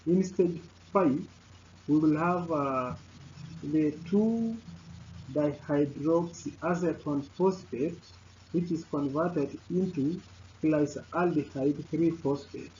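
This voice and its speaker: Male lecturer, slow and halting with many fillers, mellow tone, dull lo-fi recording. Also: fairly high pitch. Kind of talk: slide lecture narration. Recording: dull lo-fi sound with faint noise.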